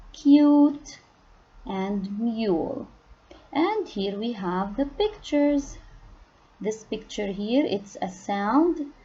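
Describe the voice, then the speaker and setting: Slow, patient woman teaching phonics. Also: mid-range voice, husky, lo-fi sound. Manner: slow, patient, stresses target words loudly. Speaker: kindergarten English teacher. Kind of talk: phonics lesson for young children.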